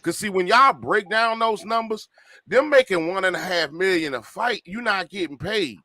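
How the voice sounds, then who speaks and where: Podcast host, male, high bright voice, animated, argumentative, studio mic. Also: normal speed, dry recording. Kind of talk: heated casual debate.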